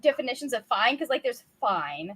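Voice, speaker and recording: Stream co-host, woman, high and animated, storyteller who does voices. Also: moderate pace. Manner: storytelling, acts out quoted voices, laughs. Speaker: co-host of a livestream reading sprint. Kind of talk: casual chat.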